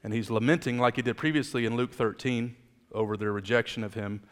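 A man's voice: mid-range voice, fairly even intonation, brisk, big-room sound. A man preaching a sermon, moving between casual storytelling with jokes and emphatic preaching. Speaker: pastor.

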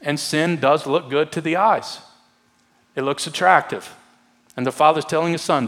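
A male pastor preaching a sermon, earnest and pleading, sometimes dropping to a hush for emphasis. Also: fairly high pitch, moderate pace, pauses often. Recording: long hall reverb.

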